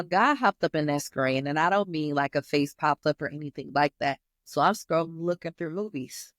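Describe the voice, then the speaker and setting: A woman's voice: on the low side, no echo, studio quality. A woman hosting her own show, speaking candidly and with animation about her personal journey, calling her listeners "y'all". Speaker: host. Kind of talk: personal testimony.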